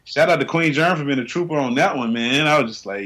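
A man's voice: quick pace, a bit bright. A man co-hosting a casual, crude podcast chat, loose and slangy, often laughing. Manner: loose, slangy, laughing, drops low then jumps high. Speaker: podcast co-host.

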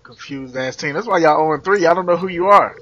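A man hosting a casual podcast, teasing and joking loudly with plenty of profanity. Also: on the high side, fast talker, highs cut off. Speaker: podcast host. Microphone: remote call.

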